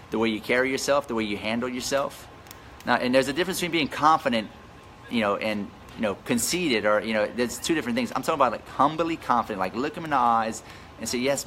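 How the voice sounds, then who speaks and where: Guy doing a live stream sales pep talk, fired up, keeps repeating himself, hails viewers by name, faint hum behind. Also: mid-range voice. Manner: energetic, repeats phrases, greets viewers by name. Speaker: real estate wholesaling coach hosting a live stream.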